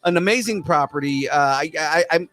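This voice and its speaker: A man hosting a podcast, excitable and rambling, laughing as he chats and reads sponsor spots. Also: fairly high pitch, moderate pace. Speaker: podcast host.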